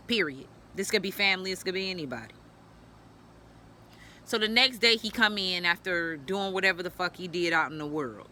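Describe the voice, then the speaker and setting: In a lowish voice with a bright, forceful tone, a woman shares her personal story to the camera. The candid vlog is blunt and laced with profanity, and she urges other women directly. A little hiss or hum can be heard.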